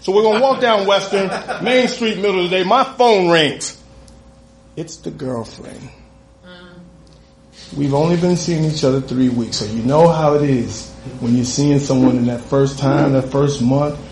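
A man doing stand-up, telling a story with lively delivery, laughing as he goes and acting out the other people in it. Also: on the high side, measured pace, reverberant, a crowd in the background. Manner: animated, laughs through his own story, acts out other voices. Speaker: comedian.

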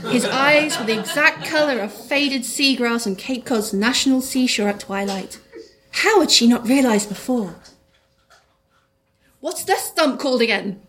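A woman's voice: a little high, slight background noise. A woman reading her own comic detective story aloud to a live audience, with a dry delivery.

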